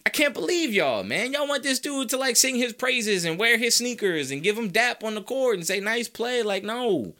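A man hosting a sports talk podcast, ranting with loud, high-pitched outbursts between stretches of lower, calmer talk. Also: normal speed, few pauses. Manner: animated, swings into high-pitched shouts. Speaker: podcast host. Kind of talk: fired-up sports talk rant.

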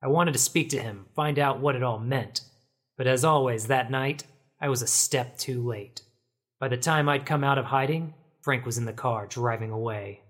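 An actor playing a wisecracking hard-boiled male detective, narrating in a wry, deadpan noir comedy style. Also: medium pitch, normal speed, lightly acted.

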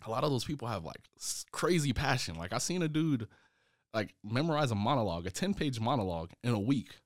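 A man's voice: medium pitch, a little fast, no room sound, clean studio sound. A young adult man, a startup founder as a podcast guest, telling stories in casual conversation, acting out quotes and filling his talk with "like". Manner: animated, acts out quoted speech, many fillers.

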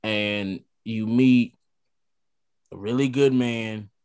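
A man's voice: fairly low pitch, steady tone, drawn-out words, darkish tone, smooth. A man in casual chat, laid-back, posing a hypothetical question to the women.

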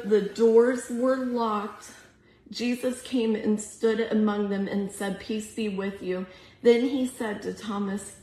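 Tearful woman preaching slowly in an echoey room. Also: a little high, darkish tone. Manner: earnest, emotional, slow and prayerful. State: teary. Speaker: women's ministry speaker. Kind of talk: devotional sermon with scripture reading.

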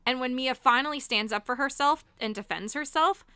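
A young woman chats casually and laughs often, her voice bright and crisp. She swears freely and sounds animated throughout. The recording is close and dry, with no room sound. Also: high-pitched, brisk, dry recording. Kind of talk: casual chat.

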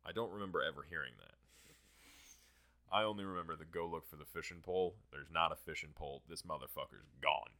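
A young man with a low, deep voice and a bright, forceful edge tells a story on a podcast. He talks casually and swears freely. His delivery is animated and keeps the story moving. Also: fast talker. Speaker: podcast host.

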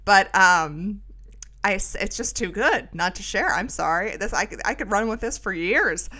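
A middle-aged woman talks through a loose, self-mocking story as a podcast host. Her voice is bright, and her talk is full of fillers and asides. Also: medium pitch, expressive, normal speed. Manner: chatty, rambling, self-mocking, lots of fillers. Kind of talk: casual storytelling monologue.

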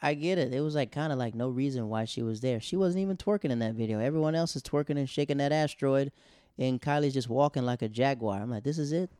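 A young man hosting a podcast, telling funny stories casually and acting out quotes in loud raised voices. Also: medium pitch, fast talker, clear, resonant tone, dry recording, studio quality. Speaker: podcast host. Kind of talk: casual comedic storytelling.

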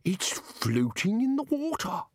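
A man voicing a dazed, muddled male wizard in a storybook reading, slow, dreamy and drawn out. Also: extremely high pitch, huge pitch swings, no room sound, clean studio sound, voice pushed up, full character voice.

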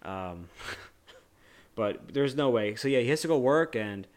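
A man's voice: medium pitch, expressive, takes it slowly. A man co-hosting a casual movie discussion podcast, rambling and joking loosely with many restarts. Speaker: podcast co-host.

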